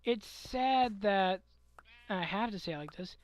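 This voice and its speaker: A young man with a scratchy, hoarse voice from a cold, rambling and ranting casually over a game he is playing, often correcting himself. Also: high-pitched, lively intonation, measured pace. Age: young adult. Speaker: let's play commentator. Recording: faint background noise.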